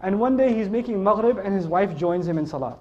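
A man giving a lively, joking lecture to a live audience, telling stories and laughing often. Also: high voice, a little fast, dull audio. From Pakistan. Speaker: Islamic speaker.

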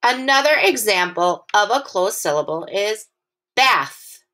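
Woman teacher, phonics lesson for young kids, lively sing-song pitch, bright tone, patient. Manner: slow, clearly stretched-out sounds; patient and encouraging.

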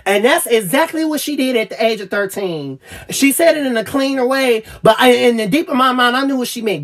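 A woman gushing over an album in a casual review vlog, swearing freely and stammering with repeated fillers, at times choking up and trailing off quietly. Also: fairly high pitch, a little fast. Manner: gets choked up and trails off quietly. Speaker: music reviewer.

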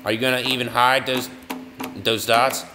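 A man's voice: medium pitch, little pitch movement, moderate pace. A man rambling and joking at himself while commentating on brain-training games. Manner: rambling, self-mocking, lots of restarts. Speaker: gaming video host. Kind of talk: goofy gameplay commentary. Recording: long reverb, faint music.

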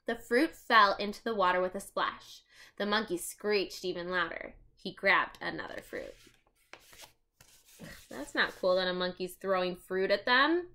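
A woman's voice: mid-range voice, lively intonation, unhurried, bright, forceful tone. A woman reading a children's chapter book aloud, adding chatty asides.

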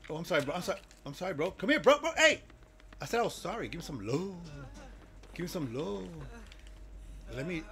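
Pitched a bit high and slightly bright, this man's voice comes from a casual live stream. He plays a video game, reacting to it while chatting loosely with viewers.

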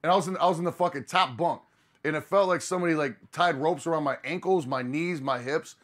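A man on a podcast, telling a road story in casual, profane chat, animated and full of slang. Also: a little high, fast. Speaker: podcast host.

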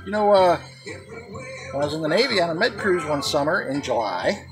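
A man's voice: a little high, very animated, a little fast. A middle-aged man hosting a comedic vlog, telling corny jokes and puns in a chatty monologue. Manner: corny, jokey pun-telling delivery. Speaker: host. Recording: background music under voice.

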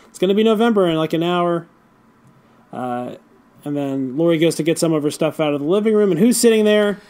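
A man's voice: on the high side, expressive, brisk, darkish tone. A man co-hosting a podcast, casually recapping a comic chapter and acting out the characters' lines with frequent laughs. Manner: retells scenes by acting out lines, laughing often. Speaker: podcast co-host.

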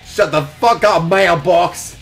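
A raging young killer snarling his threats in a raised, loud voice, as a man reading aloud puts him on. His tone is menacing and hard, with faint music behind. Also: high-pitched, takes it slowly, creaky, pitched above the performer's own voice, heavily acted. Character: furious violent young man on a rampage.

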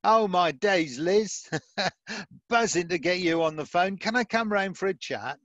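A man voicing a cheeky, excited man, phoning a friend in chirpy slang. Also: sits high, measured pace, no room sound, muffled recording.

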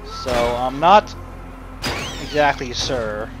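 A man's voice: mid-range voice, slow pace. A man giving casual commentary as he plays a video game, rambling and talking to himself and the game. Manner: rambling, chatty self-talk with frequent asides to the game. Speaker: let's play commentator. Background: game music.

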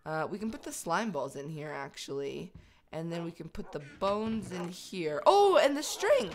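A woman hosting a video game let's play, chatty and excitable, talking to her pets as she plays. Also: low voice, normal speed.

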